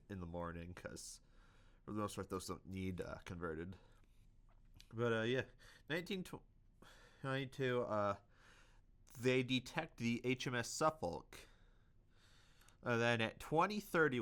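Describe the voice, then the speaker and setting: A man's voice: fairly low pitch, a bit bright. A young man hosting a casual history video, hesitant, with many fillers and self-corrections.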